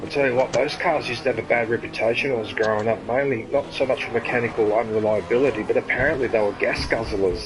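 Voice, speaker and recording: A man with an Australian accent chatting casually while he plays a racing game, swearing freely and reacting out loud to the race. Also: medium pitch, fairly even intonation, quick pace, hardly any pauses. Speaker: gaming channel host. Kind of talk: casual gameplay chat. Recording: noisy game audio behind.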